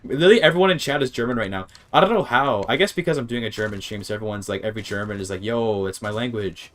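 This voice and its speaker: A man streaming gameplay in casual chatter, thinking aloud, sounding out words haltingly and swearing now and then. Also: on the low side, a bit bright.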